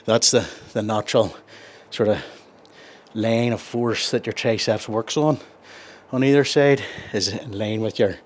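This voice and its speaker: A man's voice: fairly low pitch, measured pace. Rambling man in a gym. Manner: rambling, self-correcting, explanatory. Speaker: gym vlogger. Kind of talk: casual explanation between sets.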